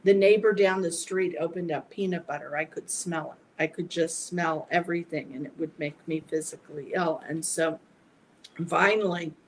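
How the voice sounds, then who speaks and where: A woman's voice: on the low side, fairly even intonation, slight background noise, rough recording. Middle-aged woman telling a rambling story. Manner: meandering, halting, with frequent restarts. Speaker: guest psychic. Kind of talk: casual personal storytelling.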